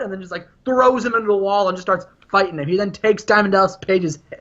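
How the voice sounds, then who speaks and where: A man's voice: sits high, steady tone, fast, fairly bright tone, lo-fi sound. A man co-hosting a podcast, telling stories animatedly and laughing often. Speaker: podcast co-host. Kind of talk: casual storytelling chat.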